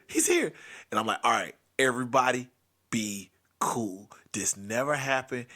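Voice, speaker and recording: A man hosting a comedy podcast, telling a family story with lively impressions of everyone in it. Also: medium pitch. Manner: animated, acts out every character.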